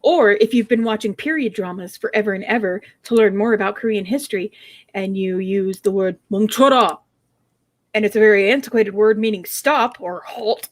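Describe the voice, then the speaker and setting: A woman's voice: medium pitch, brisk. A young adult woman chatting casually, telling stories with laughter and playfully teaching foreign phrases. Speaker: streamer chatting with a co-host. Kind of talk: casual chat.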